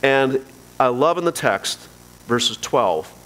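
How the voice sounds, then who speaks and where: A man's voice: medium pitch, lively intonation, slow, fairly bright tone. A man preaching a sermon to his congregation, earnest and emphatic, repeating key phrases. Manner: earnest, emphatic repetition, addresses congregation directly. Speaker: pastor. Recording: long hall reverb.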